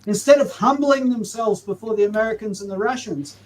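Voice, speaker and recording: High-pitched man, sarcastic and preachy debate caller on an online call. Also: a little fast, low-quality recording. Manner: sarcastic, lecturing, emphatic. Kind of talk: heated live online debate.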